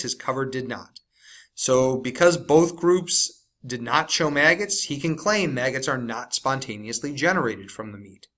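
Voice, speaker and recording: A man teaching science, walking through a worksheet step by step and slowing down to stress key words. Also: medium pitch, bright, forceful tone. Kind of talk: recorded classroom lesson walkthrough.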